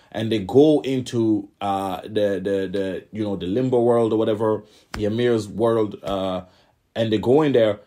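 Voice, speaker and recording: A young man talks loosely through an anime episode in a casual commentary voice. His speech rambles, full of slang and stuttered repeats. His pitch sits in an ordinary middle range. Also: mellow. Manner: rambling, slangy, repeats words and says "you know what I'm saying".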